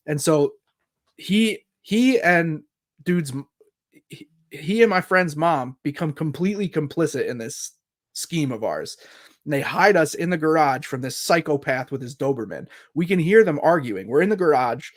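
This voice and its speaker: A man in his thirties telling a story casually as a podcast co-host, animated and swearing freely, acting out the other people's lines. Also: on the high side, a little slow.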